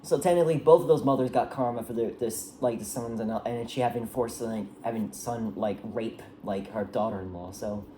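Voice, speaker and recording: Against a noisy background, a woman with a bass voice talks briskly with few pauses. In casual chat she retells the plot of a historical drama, rambling with lots of restarts and fillers.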